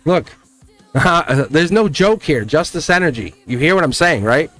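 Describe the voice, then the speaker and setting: A man giving a live-stream tarot reading, emphatic and animated, laughing often and slipping into a scolding teacher tone. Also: on the high side, a little slow, soft background music. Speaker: tarot reader.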